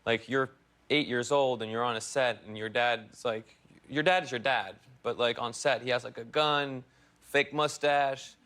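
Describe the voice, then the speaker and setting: A young man, an actor guest, rambling through animated stories with laughter in a casual interview. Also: medium pitch, unhurried.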